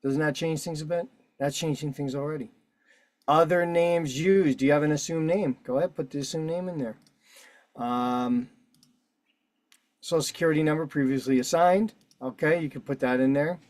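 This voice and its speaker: A man's voice: fairly high pitch, normal speed, darkish tone, no echo. A man hosting an online meeting, walking through a form in a casual, profane, combative way. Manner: profane, combative, talks while filling out a form. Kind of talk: casual instructional walkthrough. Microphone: video call.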